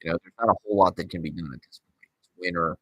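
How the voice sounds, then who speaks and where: Man, 40s, lowish voice, dry close sound, rambling sarcastic rant, swears a lot, solo host. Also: rapid-fire, a bit bright, no room sound, rough recording. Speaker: podcast host.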